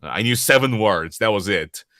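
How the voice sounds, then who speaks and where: A man from Korea with a Korean accent, whose first language is Korean, answering audience questions as a voice actor in a casual Q&A, lively and chuckling often as he restarts and repeats words. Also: fairly low pitch, normal speed, no room sound, clean studio sound. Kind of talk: casual livestream Q&A.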